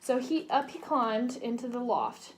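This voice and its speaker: A young woman, a student, narrating a children's storybook read-aloud in a gentle, clear way. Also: on the high side, unhurried, slight background noise. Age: young adult. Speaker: student reader.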